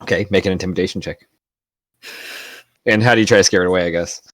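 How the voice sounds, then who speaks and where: A man's voice: deep voice, steady tone, quick pace, fairly bright tone, dry recording. A man running a tabletop game as game master, narrating casually with loose, rambling descriptions and frequent laughs.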